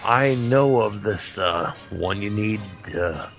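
A man in casual banter who speaks in a dry, halting way. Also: on the low side, gravelly, fairly bright tone, faint music behind. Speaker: show regular.

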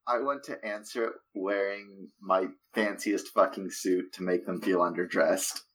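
Male player, theatrical joker, slow and husky. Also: low-pitched, fairly even intonation, a bit bright, poor audio. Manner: playful and theatrical. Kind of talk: in-character banter at a tabletop game.

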